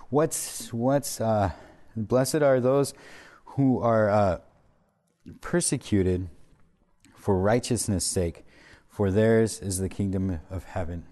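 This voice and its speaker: A man serving as a pastor, talking with a group in a relaxed way and telling stories from his own life. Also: lowish voice. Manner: conversational, with restarts and fillers and a quick laugh. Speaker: pastor leading a group discussion. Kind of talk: casual group talk and storytelling.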